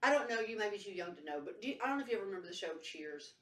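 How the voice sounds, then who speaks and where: A woman's voice: medium pitch, animated, very fast, a bit bright. A woman telling a story with lots of energy. She swears casually and jumps into exaggerated voices for the people she quotes. Her voice sounds a little far from the mic, in a roomy space. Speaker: podcast guest.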